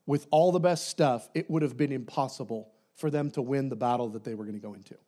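A man preaching a sermon, animated, acting out voices and dropping to near-whispers for emphasis. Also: mid-range voice. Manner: dynamic, swinging from loud to soft near-whispers.

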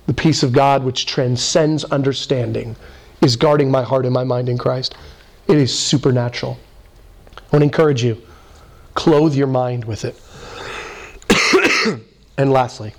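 A man preaching a sermon, animated, swinging his voice up for emphasis and acting out quoted voices. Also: fairly high pitch. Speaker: pastor.

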